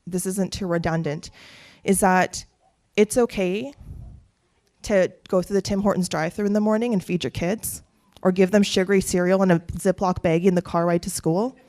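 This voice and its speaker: A woman's voice: lowish voice, moderate pace. Earnest woman telling stories on stage. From Canada. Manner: earnest, animated storytelling with quoted voices. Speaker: keynote speaker. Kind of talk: personal storytelling speech.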